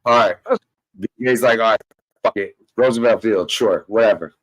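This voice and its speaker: A man's voice: fairly low pitch, normal speed, a bit bright, poor audio. A man hosting a podcast, chatting casually and profanely as he reacts to a replayed call, often mimicking the other side. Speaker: podcast host.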